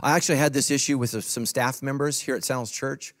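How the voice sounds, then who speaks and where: A man's voice: fairly even intonation, a little fast. Emphatic male pastor preaching. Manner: emphatic preaching, swinging from loud punchy lines to soft low asides. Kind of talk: sermon. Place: church in front of a congregation.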